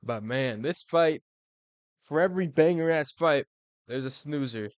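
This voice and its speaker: Excitable young man ranting about fights. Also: a little high, unhurried, no room sound. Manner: excitable, profane, bro slang. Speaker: MMA commentator. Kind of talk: casual fight recap.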